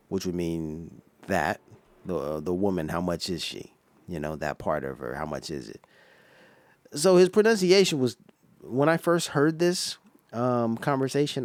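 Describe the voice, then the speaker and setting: A man giving an explaining commentary on a clip, slow and patient, with many fillers and restarts. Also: deep voice, lively intonation, darkish tone, dry recording. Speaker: reaction vlogger.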